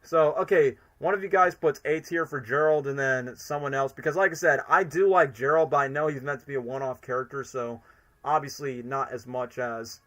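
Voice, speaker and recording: A man's voice: medium pitch, a little fast, a bit bright. A young man chatting on a live stream, rambling enthusiastically with lots of fillers. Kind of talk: casual live-stream commentary.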